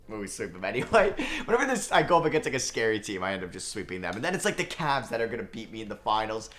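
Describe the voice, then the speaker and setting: A man doing video game commentary, reacting with excitement and frustration as he plays through a basketball simulation. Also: on the low side, rapid-fire, soft background music. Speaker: gaming video creator.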